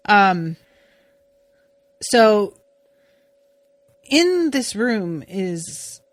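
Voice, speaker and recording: Woman podcast co-host, unhurried casual recap, chatty with lots of fillers, close dry mic. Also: mid-range voice, sing-song, dry recording. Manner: chatty, swears, many "like" fillers. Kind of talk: casual episode recap chat.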